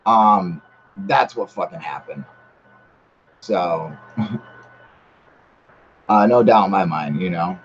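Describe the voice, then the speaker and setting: A man's voice: low voice, takes it slowly, long pauses, soft background music. A man hosting a casual livestream, chatting with viewers in a blunt, heavily profane, rambling way. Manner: rambling with many fillers. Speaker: channel host. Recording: slightly muffled with faint hiss.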